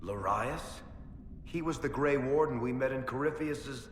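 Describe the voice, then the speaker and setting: A man's voice: medium pitch, measured pace, slight background noise, lightly acted. An actor playing a wry, sarcastic male dwarf rogue in a video game, trading dry quips. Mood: tense. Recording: echoey game dialogue with long reverb.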